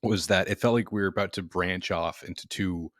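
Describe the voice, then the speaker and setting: Deep-voiced man in casual sports chat. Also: a little fast, dry recording, studio quality. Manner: animated, rambling, laughs often. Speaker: podcast co-host.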